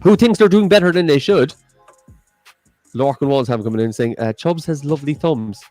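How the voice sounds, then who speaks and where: A man's voice: a little high, normal speed, warm tone, faint music behind. An Irish man in his thirties co-hosting a live quiz stream from home, bantering and laughing. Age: 30s. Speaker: quiz co-host. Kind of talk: casual live-stream chat.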